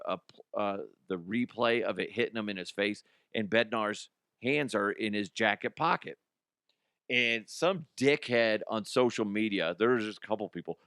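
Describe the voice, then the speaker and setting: A man in his thirties or forties hosts a comedy sports-news podcast in a fairly low voice, recorded dry and close. His talk is blunt and profane, jumping from heated rants to muttered, quiet asides. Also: clean tone, no room sound. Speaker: podcast host. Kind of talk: casual comedic news commentary.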